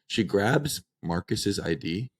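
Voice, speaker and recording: Deep-voiced young man telling a story. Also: slow, slightly rough. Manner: animated anecdote-telling, acts out quoted dialogue. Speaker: podcast co-host. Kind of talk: casual storytelling chat.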